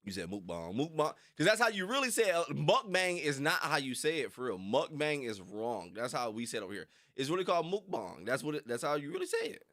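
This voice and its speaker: A man's voice: mid-range voice, very animated, fast talker, hardly any pauses, fairly bright tone, no echo, clean studio sound. A young man rambling casually on a livestream, full of slang and frequent laughter. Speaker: reaction streamer.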